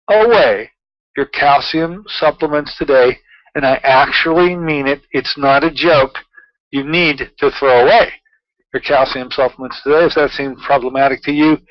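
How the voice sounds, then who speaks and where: A man's voice: on the high side, no echo, dull audio. A man hosting his own talk show, chatting loosely through news items with many fillers and asides. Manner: chatty, rambling, with frequent fillers. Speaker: radio show host. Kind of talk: casual talk-show monologue.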